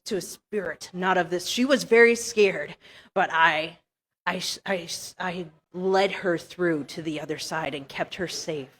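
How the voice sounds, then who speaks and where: A woman telling a personal story at a live story night, acting out the dialogue with hushed and excited voices. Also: a little high. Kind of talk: live storytelling at an open mic.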